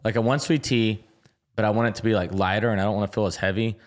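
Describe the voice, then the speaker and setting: A man's voice: fairly low pitch, fairly even intonation, fast. A man co-hosting a casual podcast, joking and emphatic. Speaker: podcast co-host. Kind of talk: casual chat.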